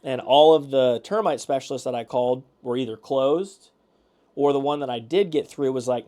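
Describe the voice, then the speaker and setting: A man co-hosting a casual podcast, talking through events and quoting what people said along the way. His voice sits at an ordinary middle pitch for a man. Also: moderate pace, warm tone. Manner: chatty, retelling events with quoted asides. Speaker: podcast co-host. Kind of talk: casual chat.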